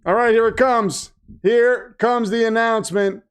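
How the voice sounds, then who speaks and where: A man hosts a live stream at a desk microphone in his home setup. His voice sits high and clear, and his unhurried chatter keeps erupting into booming announcer-style calls. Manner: excitable, breaks into wrestling-announcer shouts. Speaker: livestream host. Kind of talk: live watch-party commentary.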